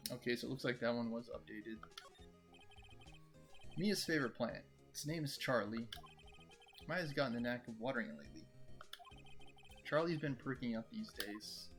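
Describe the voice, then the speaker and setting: A casual, wry man reads game dialogue aloud on his stream at a middling pitch. Faint game music plays beneath his voice. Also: fairly bright tone. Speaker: let's play streamer.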